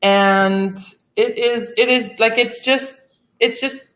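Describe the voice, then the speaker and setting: A woman co-hosting a casual live-stream chat, speaking softly and quietly. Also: on the high side, steady tone, slow pace, reverberant. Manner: soft, quiet talking. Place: home in Mexico.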